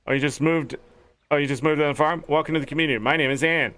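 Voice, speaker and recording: A man's voice: fairly high pitch, steady tone, fast, sharp tone. A man reading aloud the lines of a welcoming village woman from a farm game, in his plain voice.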